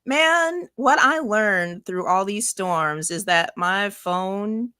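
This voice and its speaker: A woman co-hosting a podcast, chatting quickly and casually and laughing easily. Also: medium pitch, animated, bright, forceful tone, clear, resonant tone, dry recording, studio quality. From Kansas, USA. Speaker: podcast co-host. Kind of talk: casual chat.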